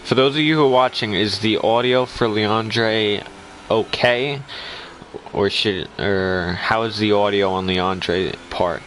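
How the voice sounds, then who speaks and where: A fairly low-pitched man gives loose, chatty commentary on an online race, teasing the drivers and laughing easily. A faint hiss of background noise sits under his voice. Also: slow pace, fairly bright tone, poor audio. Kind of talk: casual live sim racing commentary.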